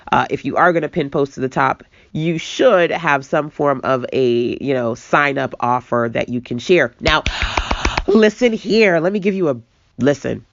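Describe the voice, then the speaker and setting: A woman coaching entrepreneurs in a casual online talk, animated and self-mocking, speaking straight to her viewers. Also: sits low, dry recording, muffled recording. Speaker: business coach. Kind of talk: casual webinar teaching.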